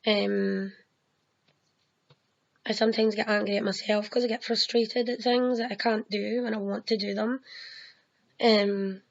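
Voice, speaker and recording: A woman in her thirties vlogging, answering personal questions to camera in a halting way, full of ums and the odd swear. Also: medium pitch, steady tone, creaky, highs cut off. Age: 30s. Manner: halting, frequent ums, swears when heated.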